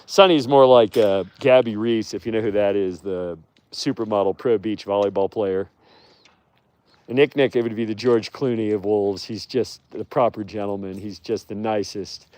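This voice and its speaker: A man's voice: fairly low pitch, normal speed, a little mellow. A man hosting a casual livestream outdoors by wolf enclosures, talking in a rambling, chatty way with easy laughs, recorded on a handheld phone. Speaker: wolf sanctuary host.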